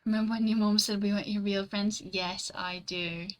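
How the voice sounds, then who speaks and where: A woman's voice: mid-range voice, fairly even intonation, normal speed, rough recording. A young woman streamer in casual, rambling chat, reading and answering her chat, swearing casually and laughing often.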